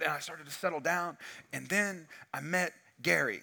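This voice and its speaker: A man's voice: sits high, a little fast, creaky. A man preaching a sermon, telling a story with lots of acted-out dialogue, on a wireless mic. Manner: animated storytelling, acts out dialogue. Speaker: pastor.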